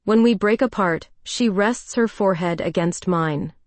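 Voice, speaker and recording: A woman narrating a first-person romance story in a calm, even storytelling voice. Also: mid-range voice, unhurried, no echo.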